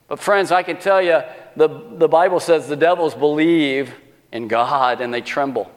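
A man's voice: a little high, moderate pace, long reverb tail. A male pastor preaching a sermon, telling a personal story and acting out the quoted dialogue.

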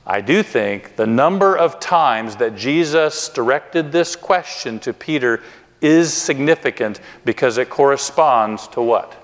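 A man preaching a sermon, earnest and expressive, slowing down and speeding up for emphasis. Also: medium pitch. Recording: long reverb of a hall.

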